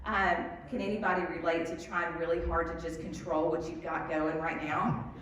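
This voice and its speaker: A woman's voice: low voice, little pitch movement, normal speed, a bit bright, slight background noise. A woman giving a candid faith talk to a live group, self-deprecating, with frequent ums and small laughs. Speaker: speaker at a church evening talk. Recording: echoey hall from a distance.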